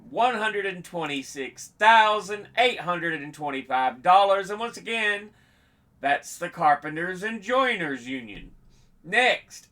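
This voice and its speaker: A man with a slightly higher voice than most talks very slowly through dates and dollar amounts as a host. His tone is bright and forward. He keeps a steady, measured delivery and now and then restarts a phrase. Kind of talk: unscripted informational presentation.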